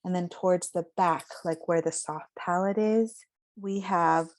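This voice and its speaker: A woman teaching a casual lesson, explaining slowly with many fillers and drawn-out example words. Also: fairly low pitch, fairly even intonation.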